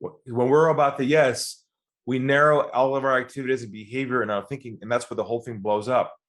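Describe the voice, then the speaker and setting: Man, sales coach guest, storytelling, acts out voices, mid pitch. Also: fast. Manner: animated, acts out both sides of calls. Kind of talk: storytelling interview talk.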